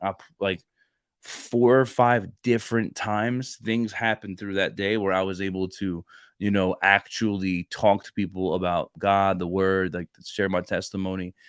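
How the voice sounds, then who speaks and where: A man in his thirties with a fairly low voice tells stories in a casual podcast chat. He acts out the dialogue with lively bursts of energy and often restarts his sentences. The recording is dry and close, with no room sound. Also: clean tone, dry recording. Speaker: podcast co-host. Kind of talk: casual faith chat, storytelling.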